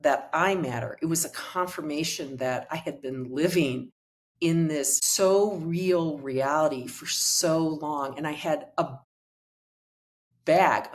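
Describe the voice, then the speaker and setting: Middle-aged woman guest, coach, low register, animated storyteller. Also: slow. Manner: animated storyteller acting out quoted dialogue. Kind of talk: conversational storytelling.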